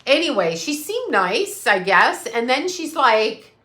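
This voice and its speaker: A woman's voice: a little high, sing-song, measured pace, sharp tone. A middle-aged woman ranting on an unscripted live stream, blunt, profane and sarcastic. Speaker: psychic medium live streamer.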